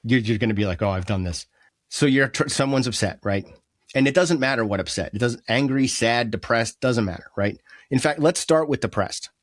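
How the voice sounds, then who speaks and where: A man's voice: mid-range voice, brisk, dry recording, clean studio sound. A man who is an ADHD coach, explaining ideas in a casual podcast chat and acting out both sides of arguments.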